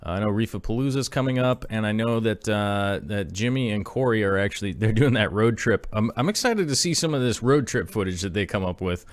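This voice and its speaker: A man's voice: on the low side, lively intonation, brisk, hardly any pauses, dry recording. A man in his thirties hosting a casual live stream, rambling with many fillers and reading viewer messages aloud. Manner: rambling, filler-heavy, reads chat aloud. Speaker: aquarium channel host.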